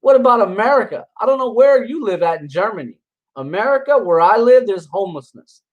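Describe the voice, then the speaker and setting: A man's voice: high-pitched, animated, a little fast, phone-quality sound. Guy scoffing and rambling through a reaction rant, mocking tone, restarts a lot. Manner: combative and mocking, scoffing laughs. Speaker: religious commentator reacting to videos. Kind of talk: casual reaction commentary.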